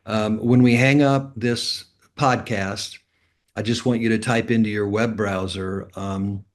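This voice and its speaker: A man's voice: fairly low pitch, fairly even intonation, unhurried. A man talking as a guest on a casual podcast, rambling and instructive, sometimes spelling out words. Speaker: health guest.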